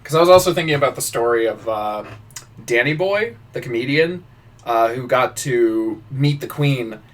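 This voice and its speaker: A man's voice: mid-range voice, lively intonation, moderate pace, distant mic. A man hosting a podcast, chatting casually with frequent swearing, stammering restarts and laughter. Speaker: podcast host. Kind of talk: casual chat.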